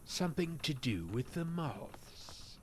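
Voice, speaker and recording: This man's voice sits fairly high and his pace is slow, with a noisy background behind him. He's streaming a puzzle game, chatting casually as he thinks aloud, mumbling and letting thoughts trail off before sudden excited gasps and shouts.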